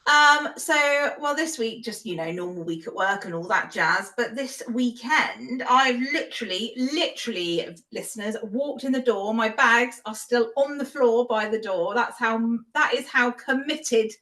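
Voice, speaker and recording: A woman's voice: fairly high pitch, unhurried, hardly any pauses, pushed and bright, poor audio. A woman in her forties co-hosting a podcast, chatting in a bubbly, enthusiastic way. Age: 40s. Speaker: podcast co-host. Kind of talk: casual chat.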